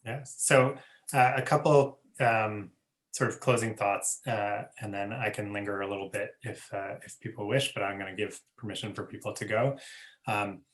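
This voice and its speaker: A man, a rabbi teaching an online class, speaking in a measured way with many fillers and frequent "right?" tags over a video call. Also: on the low side, steady tone.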